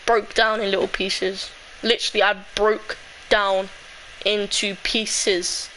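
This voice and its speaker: A woman's voice: mid-range voice, level tone, measured pace, fairly bright tone, slight background noise, rough recording. A young woman telling a personal story in a casual, emotional, rambling way, full of "like".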